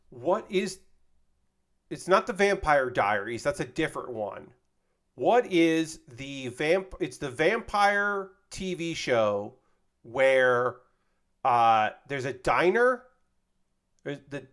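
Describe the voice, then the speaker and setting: Man in his forties, streamer, rambling casual chat, swears offhand, slightly high voice. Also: fairly bright tone. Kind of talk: casual chat while building a model kit.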